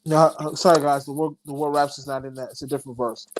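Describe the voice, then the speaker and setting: Fast-talking man on a noisy call. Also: on the high side, little pitch movement. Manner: blunt, slangy. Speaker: guest debater. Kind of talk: casual debate over a call. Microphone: video call. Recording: noisy broken-up call audio.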